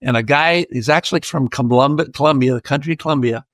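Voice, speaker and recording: An older man from Iowa, a podcast guest, talks quickly at a medium pitch with no echo, rambling through a personal story and acting out the voices of the people he quotes.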